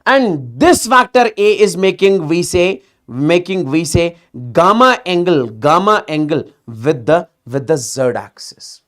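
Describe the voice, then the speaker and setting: Animated male physics teacher. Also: a little high, measured pace, few pauses. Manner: animated, repeats words in bursts, checks in with students often. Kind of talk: live online exam-prep lecture.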